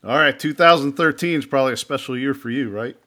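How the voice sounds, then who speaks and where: A man hosting a casual podcast with a bright, forceful voice at an everyday pitch. He asks questions directly and adds quick, teasing remarks to his guest. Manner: joking, quick interjections. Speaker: podcast host.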